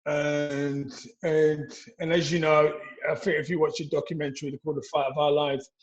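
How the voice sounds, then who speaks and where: A middle-aged man from England tells stories as a podcast guest, in a high voice. He keeps restarting his sentences as he goes. The recording sounds muffled and lo-fi. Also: normal speed. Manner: animated storytelling with repeated restarts. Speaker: interview guest, former boxer. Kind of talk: casual interview.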